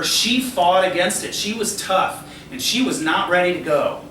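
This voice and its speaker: A man with a high, light voice gives a psychic reading to a crowd, constantly checking in with his listener and chuckling along the way. He is picked up from a distance, so the sound is roomy and echoing. A steady background noise runs underneath. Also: brisk, few pauses. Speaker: psychic medium. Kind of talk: live mediumship demonstration. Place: restaurant dining room before a seated audience.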